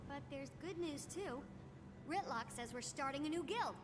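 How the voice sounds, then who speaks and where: An eager, excitable young genius in a video game, high and bright. She talks playfully over game music. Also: moderate pace. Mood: upbeat. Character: bubbly young female gnome-like genius.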